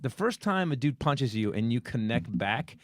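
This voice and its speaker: A middle-aged man hosting a comedy podcast, telling stories in a lively way and acting out other people's lines. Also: mid-range voice, normal speed. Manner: animated, acts out other people's voices, swears casually. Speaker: podcast host. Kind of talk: comedic storytelling chat. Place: podcast studio.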